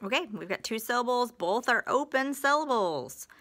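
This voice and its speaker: A woman's voice: fairly high pitch, lively intonation, moderate pace, a bit bright. A woman teaching phonics in a recorded lesson, patient, stretching out example words and sentences.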